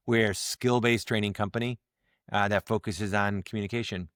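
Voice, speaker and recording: A man guest on a podcast, talking in a casual interview, animated and full of restarts and repeated words as he acts out tones to make his point. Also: on the low side, normal speed, dry recording, clean studio sound. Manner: animated, explains through examples and acted-out tones. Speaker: guest, leadership communication coach.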